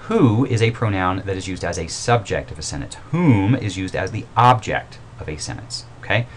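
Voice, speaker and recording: A man with a very low voice walks through a grammar lesson in a loose, conversational way. He pauses on fillers and corrects himself as he goes. A faint hiss sits under the recording. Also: expressive. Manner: informal and explanatory, with fillers and self-corrections. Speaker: writing instructor. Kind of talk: recorded mini-lecture.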